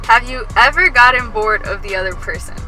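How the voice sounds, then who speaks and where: A woman's voice: a little high, fairly quick, pushed and bright, soft background music, low-quality recording. A woman of twenty co-hosting a couple's Q&A, giggly, filling her talk with "like". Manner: giggly, heavy use of "like". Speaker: co-host of couple's channel. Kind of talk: casual Q&A chat.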